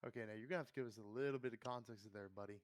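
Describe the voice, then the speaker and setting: A man's voice: on the low side, rapid-fire. A man co-hosting a casual gaming podcast, tired from long work nights, chatty and self-deprecating. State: tired from work, sore eyes. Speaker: podcast co-host and streamer.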